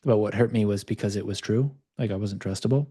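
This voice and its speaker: A man with a fairly low, mellow voice leads a live coaching session over a video call. He speaks calmly and reflectively, sharing his own experience to guide a participant. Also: fast, husky. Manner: calm, reflective, speaks of own past openly.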